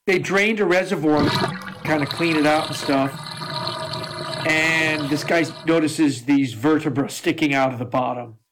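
Chatty guy cohosting, gets into his stories, kinda highish voice. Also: a little slow, background noise. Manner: chatty, enthusiastic storyteller. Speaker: podcast co-host. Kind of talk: casual chat.

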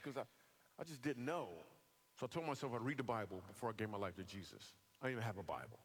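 A man from Michigan, a comedian, telling a funny personal testimony to a church audience and acting out other people's voices. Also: medium pitch. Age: adult. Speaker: comedian and guest speaker. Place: church hall with a live audience.

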